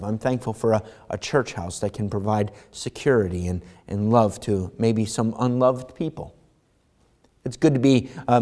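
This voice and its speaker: Conversational male pastor preaching. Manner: animated, conversational, acts out voices with rising pitch. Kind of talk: sermon. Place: church sanctuary.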